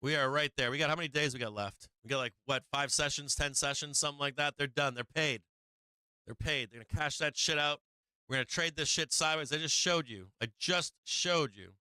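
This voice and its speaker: A man's voice: on the high side, pushed and bright, clear, resonant tone, no echo, low-quality recording. A man hosting a live market stream, swearing freely, laughing often and repeating himself as he walks through charts. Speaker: market livestream host.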